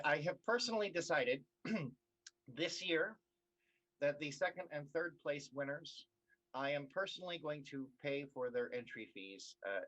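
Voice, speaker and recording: A man co-hosting a karaoke livestream who speaks in a gushing, repetitive way. His voice is of middle pitch, with an ordinary, unforced tone. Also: muffled recording. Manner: gushing and warm-hearted, with repeated words. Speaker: co-host of an online karaoke show. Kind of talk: casual livestream chat.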